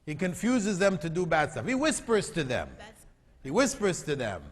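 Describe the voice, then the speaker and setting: A man's voice: fairly high pitch, sing-song, moderate pace. A man giving a religious lecture to a live audience, often quizzing the listeners with repeated questions. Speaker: Islamic lecturer. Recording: long hall reverb.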